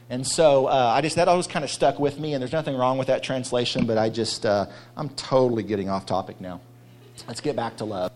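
A man's voice: medium pitch, brisk, a little mellow. A man preaching a sermon as pastor, casual and rambling, with a self-deprecating humor and now and then mock voices.

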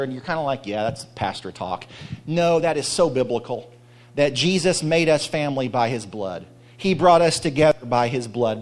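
Male pastor, slightly higher voice, preaching a sermon in a loose, chatty, self-deprecating style.

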